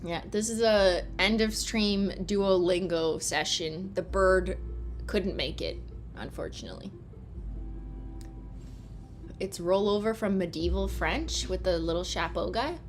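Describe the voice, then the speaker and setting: A woman's voice: medium pitch, measured pace. A woman hosting a casual livestream, chatting loosely, swearing often and laughing a lot. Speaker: livestream host.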